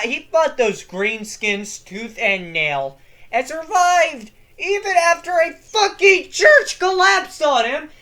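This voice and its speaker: Hoarse young lore channel host. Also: high-pitched. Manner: excitable, swears freely. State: hoarse from yelling. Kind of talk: casual commentary.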